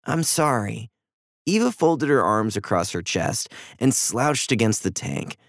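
A man narrating a children's storybook with an expressive, varied delivery. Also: lowish voice, unhurried, no echo, studio quality.

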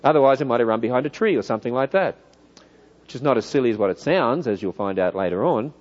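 Australian preacher in a reverberant hall. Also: male voice, medium pitch, fast talker, highs cut off. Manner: lively, rhetorical questions, acts out voices. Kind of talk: church lecture. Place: church hall.

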